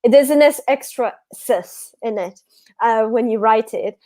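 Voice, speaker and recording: French woman in her own voice, a talk-show guest, lively chatty storyteller with a slightly high voice, dry sound. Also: unhurried, dry recording. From France. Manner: chatty, animated storytelling with frequent restarts. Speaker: guest author. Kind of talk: casual chat on a livestream.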